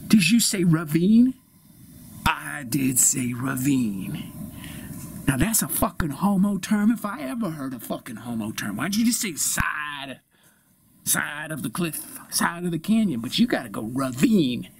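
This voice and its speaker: A man's voice: fairly high pitch, big pitch swings, measured pace, creaky, a little hiss or hum, heavily acted. A man improvising a smug man who mocks and needles his friend. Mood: mocking. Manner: mocking, taunting. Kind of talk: improvised comedy.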